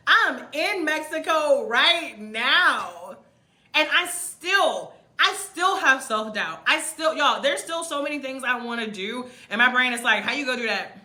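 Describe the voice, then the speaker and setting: Woman vlogger, thirties, high bright voice, emphatic motivational live-stream, echoey room. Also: animated, slow pace. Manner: emphatic, repeats lines, addresses viewers as y'all. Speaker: vlogger livestreaming to followers. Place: room in Mexico.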